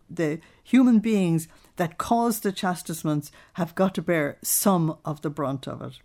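A woman with a fairly low, darkish voice leads a Bible study, reading a devotional text aloud. She's earnest and explanatory, pausing between readings to comment on what she's read.

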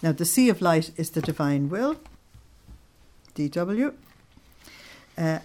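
A woman's voice: on the low side, expressive, measured pace, long pauses, mellow. A woman giving a devotional study talk, explaining religious readings and checking in with her listeners as she goes. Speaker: religious teacher.

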